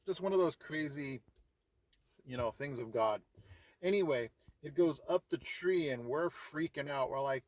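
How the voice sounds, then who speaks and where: A man's voice: a little high, unhurried, dry recording. A middle-aged man, hosting his vlog and telling a story casually, acting out his own reactions as he goes. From California. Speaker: vlog host.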